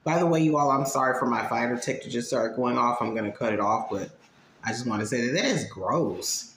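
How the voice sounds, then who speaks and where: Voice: medium pitch, fairly quick, a bit bright, reverberant, a little hiss or hum. A reaction video host giving blunt, sassy commentary in a casual way.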